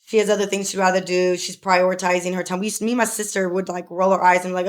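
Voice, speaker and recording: Young woman co-host, low steady voice, speaks openly and emotionally in a casual personal story. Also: quick pace, few pauses. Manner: emotional, tearful at times, filler-heavy. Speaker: podcast co-host.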